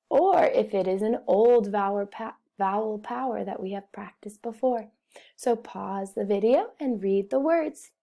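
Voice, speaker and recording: A woman's voice: medium pitch, dark tone. A woman teaching a phonics lesson to young children, carefully sounding out and repeating each word. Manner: over-enunciates words and repeats them, speaks to children. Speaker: first-grade teacher.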